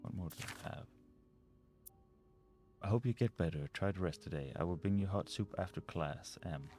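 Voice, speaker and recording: A man's voice: sits low, moderate pace, music in the background. A man playing a mystery video game, reading notes and letters aloud and muttering over the puzzles. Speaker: let's play gamer.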